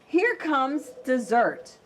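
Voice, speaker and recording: A woman voicing a greedy, smooth-talking male wolf in a storybook reading, with sugary fake-polite sweetness. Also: high-pitched, very animated, drawn-out words, slight background noise, pitched above the performer's own voice, full character voice. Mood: gloating.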